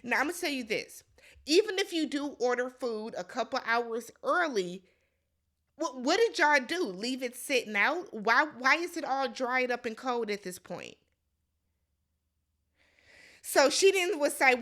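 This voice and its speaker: A woman's voice: high voice, sing-song, a little slow, bright, forceful tone. A woman giving a blunt, exasperated casual recap commentary, talking straight to the viewer. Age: adult. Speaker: recap vlogger.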